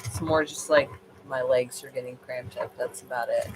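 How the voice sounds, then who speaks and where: A woman's voice: very deep voice, steady tone, normal speed. Woman card reader, late-night tired, rambling with fillers; noisy livestream audio. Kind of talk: casual livestream card reading.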